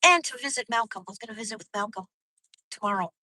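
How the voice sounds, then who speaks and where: A woman's voice: a little high, animated, fast, sharp tone, poor audio. A woman vlogger live-streaming from her car at night, venting in a rambling, profane, casual way to her viewers. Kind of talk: casual live-stream chat while driving.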